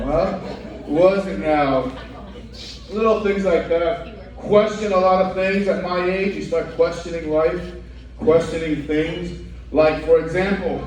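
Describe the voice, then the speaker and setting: A man's voice: high-pitched, darkish tone, slight background noise. A middle-aged man doing wry stand-up comedy, asking the crowd rhetorical questions on a club stage. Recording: echoey club from far off.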